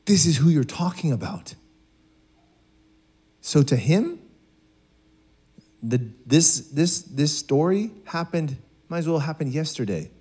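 A man's voice: on the high side, animated, takes it slowly, long pauses, a little mellow, husky. A man preaching a sermon in a conversational, joking way, acting out bits of dialogue. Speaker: pastor.

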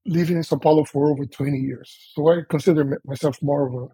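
A man in his forties from Brazil with a Brazilian accent, speaking as a guest engineer in a relaxed, easygoing podcast interview. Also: a little high, quick pace, breathy edge, low-quality recording. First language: Portuguese.

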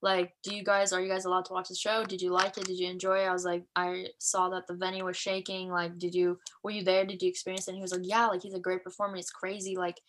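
A woman in her twenties, co-hosting a podcast, telling a story in casual chat and acting out the quotes in high voices. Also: completely flat delivery, fast, hardly any pauses, a bit bright, a little hiss or hum, poor audio. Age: 20s. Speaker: podcast co-host.

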